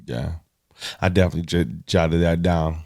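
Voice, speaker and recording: Male co-host with a low, gravelly voice; laid-back, reflective, jokes easily. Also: steady tone, moderate pace, darkish tone, no room sound, studio quality. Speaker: podcast co-host. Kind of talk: casual chat.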